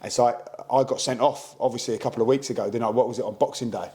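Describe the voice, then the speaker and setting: A man co-hosting a podcast in a pub back room, an ex-footballer telling animated stories. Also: medium pitch, fast talker. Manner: animated, tells stories with acted quotes. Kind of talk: casual chat.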